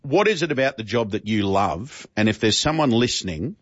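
A man's voice: fairly low pitch, lively intonation, brisk, dry recording, muffled recording. A man hosting talk radio, friendly and chatty. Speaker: radio host. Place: outdoors at a police station.

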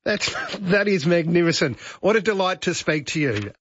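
A man's voice: high-pitched, lively intonation, moderate pace, dull audio. A man hosting a radio interview, upbeat and effusive with his guest. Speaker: radio host.

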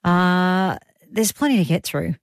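A woman's voice: fairly low pitch, unhurried, dry recording, studio quality. A middle-aged woman with an Australian accent hosting a radio show in casual, rambling chat that breaks into easy laughs. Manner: chatty, rambling, laughs easily. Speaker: radio host. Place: radio studio.

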